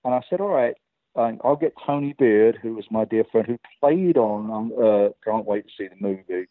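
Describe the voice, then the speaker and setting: An older man with an English accent, a guest telling lively anecdotes and acting out the dialogue of the people in them. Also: lowish voice, moderate pace, no room sound, narrow, tinny audio. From England. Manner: lively storyteller who acts out quoted dialogue with many restarts. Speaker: guest, record producer and guitarist.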